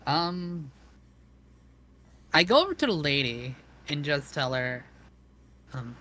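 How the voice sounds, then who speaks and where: A player in a tabletop game, answering casually in character. The voice moves up and down a lot, loose and relaxed. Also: medium pitch, takes it slowly, pauses often, a little hiss or hum.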